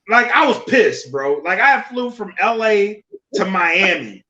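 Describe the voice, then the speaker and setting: A young man co-hosting a podcast, telling a story in an animated, profane, laughing way. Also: sits high, unhurried, echoey room. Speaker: podcast co-host. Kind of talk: casual chat, storytelling. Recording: slightly dull lo-fi podcast audio.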